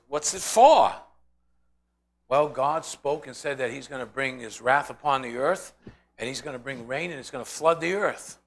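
A man's voice: high voice, fairly bright tone. A man teaching a Bible study in an informal sermon style, telling stories animatedly and acting out the voices of the people in them.

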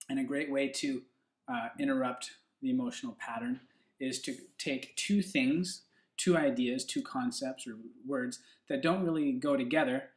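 Man, earnest host, casual monologue, mid-range voice, echoey room. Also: mid-range voice. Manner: earnest, explaining step by step. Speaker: poet and video host.

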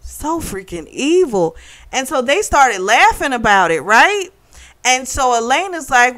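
A woman's voice: sits high, big pitch swings, unhurried, a bit bright. A woman casually retelling a book's plot for her book review channel, chatty and laughing often. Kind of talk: casual chat.

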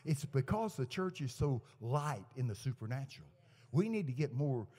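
A guest preacher delivers a storytelling sermon to a live congregation during a church service, recorded in an echoey hall. He tells folksy anecdotes and acts out their dialogue with lively quotes, his mid-range, slightly rough voice moving at normal speed.

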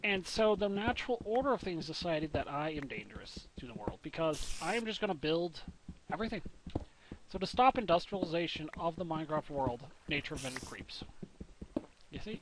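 Young male gamer, slightly high voice, jokey and meandering, noisy home recording. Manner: rambling, goofy, talks to himself and the viewers. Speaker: let's play gamer. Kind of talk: casual gameplay commentary.

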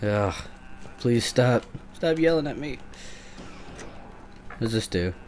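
A man's voice: mid-range voice, lively intonation, slow pace, a little mellow, slight background noise. Jittery swearing man playing a horror game. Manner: jittery, swearing, talking to monsters. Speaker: gameplay commentator. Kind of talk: let's play commentary.

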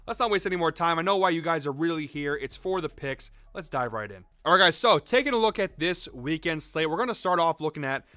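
A man's voice: on the high side, expressive, bright, forceful tone, dry recording. A young man hosting a sports betting show, talking in a hyped, salesy way about his picks. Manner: hyped, rapid, salesy delivery. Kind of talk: energetic betting picks talk.

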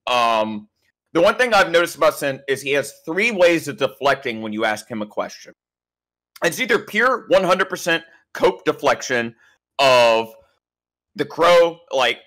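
Lively bright-voiced man ranting casually. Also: on the high side, a little slow. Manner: animated, eats and drinks while talking. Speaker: podcast co-host. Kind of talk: casual chat.

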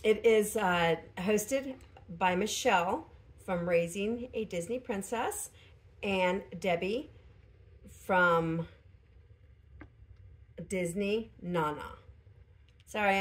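A woman vlogger chatting casually at home while unboxing a gift, pausing and laughing softly, still recovering from an illness. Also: medium pitch. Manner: chatty, hesitant, frequent small laughs. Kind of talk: casual chat.

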